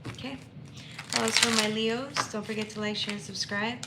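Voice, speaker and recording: A woman's voice: fairly high pitch, steady tone, normal speed, heavy background noise. A woman giving a tarot reading on a live stream, talking in an emphatic, emotional way and swearing freely. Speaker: tarot reader.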